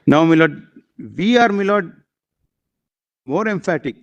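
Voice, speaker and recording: A man's voice: sits high, expressive, unhurried, lo-fi sound. A man arguing a case before a bench of judges, deferential and hesitant, constantly saying "my lord". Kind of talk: courtroom argument.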